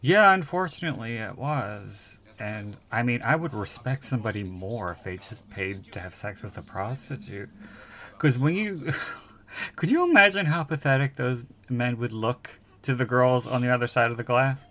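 A man co-hosting a podcast, chatting casually about a film, slow and hesitant with crude humor. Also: medium pitch, lively intonation, a bit bright. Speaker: podcast co-host.

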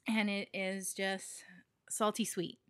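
A woman's voice: medium pitch, flat delivery, slow pace, a bit bright, clean tone, no room sound. A woman from Hawaii co-hosting a podcast in a casual, giggly chat full of fillers. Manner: chatty, giggly, with many fillers. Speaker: podcast co-host.

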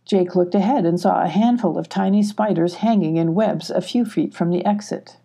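A woman reading a children's adventure audiobook in a measured, gentle storytelling manner. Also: on the low side, creaky. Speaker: audiobook reader. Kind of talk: scripted audiobook narration.

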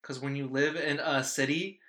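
Podcast co-host, a man with a bright voice who talks quickly and emphatically. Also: on the high side, fairly even intonation. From United States. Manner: quick, emphatic, casual swearing. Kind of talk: casual chat.

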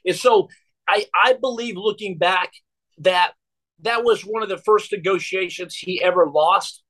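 A man's voice: high-pitched, unhurried, pushed and bright, low-quality recording. A man in his forties telling a long personal story as a podcast guest, rambling and repeating words with many fillers.

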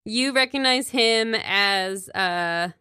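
A woman narrating as game master of a tabletop game, hesitant with many fillers and quick to laugh. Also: medium pitch, bright, forceful tone, clear, resonant tone, no echo, studio quality.

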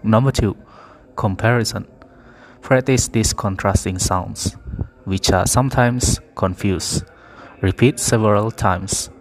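Slow, careful man reading drill words. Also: fairly low pitch. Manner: careful, deliberate word-by-word reading. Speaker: pronunciation practice reader. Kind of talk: slow read-aloud pronunciation drill.

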